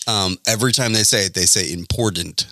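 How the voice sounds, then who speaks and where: A man's voice: fairly low pitch, a little fast, sharp tone, no room sound. A man in casual podcast chat, rambling through stories, swearing and laughing often.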